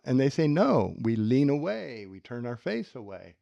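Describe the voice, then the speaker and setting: A man's voice: medium pitch, moderate pace, vocal fry, dry recording, dull audio. A man co-hosting a self-help podcast, teaching and acting out little everyday scenes. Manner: animated, acts out little scenes. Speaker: podcast co-host.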